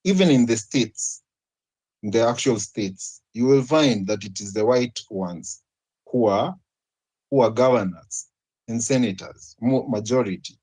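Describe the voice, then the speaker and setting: A man's voice: medium pitch, measured pace, a little mellow, slightly rough, poor audio. A man with a Kenyan accent making an earnest argument in a panel debate, posing rhetorical questions. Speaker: debate participant.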